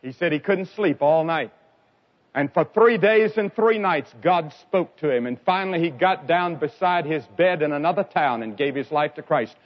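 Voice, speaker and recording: A man preaching an evangelistic sermon, telling stories dramatically and swinging from loud cries to quiet lines. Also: normal speed. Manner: dramatic storytelling with sharp swings in pitch and loudness. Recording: dull lo-fi recording.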